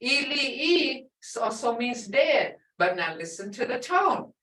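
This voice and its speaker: A middle-aged woman teaches a language class at an unhurried, deliberate pace. She patiently says each word again and again so students can hear the tone. Her voice sits back from the mic in an echoey room. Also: high-pitched, big pitch swings, bright, forceful tone, far from the mic. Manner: patient, repeats words slowly to show tone.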